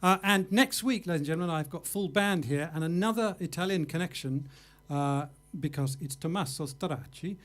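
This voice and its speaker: A man's voice: fairly high pitch, brisk, hardly any pauses, a bit bright. A man hosting a livestream jazz show, wrapping up the evening in a rambling, self-mocking way. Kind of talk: casual live show wrap-up.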